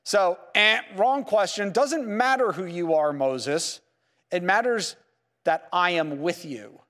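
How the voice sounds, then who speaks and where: A man teaching a Bible class, lively and full of rhetorical questions, checking in with "okay?" and "right?" as he goes. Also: sits high, slow pace, long reverb tail. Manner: peppers sentences with "okay?" and "right?". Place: lecture room with slides.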